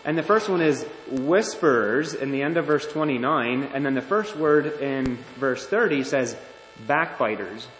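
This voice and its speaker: A man preaching a sermon as pastor, earnest and deliberate, often restarting his phrases. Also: mid-range voice, lively intonation, a bit bright. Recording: echoey hall.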